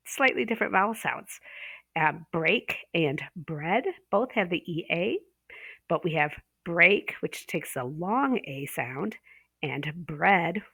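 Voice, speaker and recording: A woman teaching a pronunciation course, explaining step by step, tagging "okay?" onto her points and drawing out example words slowly. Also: lowish voice, gravelly, a bit bright, breathy edge, no room sound. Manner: explanatory, checks in with frequent "okay?"; slows and stretches example words. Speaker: ESL teacher trainer. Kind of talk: online course lesson.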